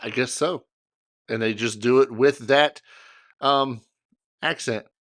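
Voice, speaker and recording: A man's voice: mid-range voice, slow, fairly bright tone, dry recording. A man with an American accent, co-hosting a podcast in laid-back casual chat with dry humor. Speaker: podcast co-host.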